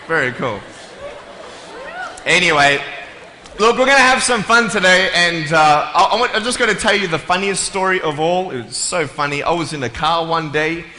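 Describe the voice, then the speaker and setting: Jokey guy talking to a crowd, high and really bright voice, big echoey hall. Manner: playful and jokey, with quick asides. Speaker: motivational speaker. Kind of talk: humorous stage talk to an audience. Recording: echoey hall with faint room ambience.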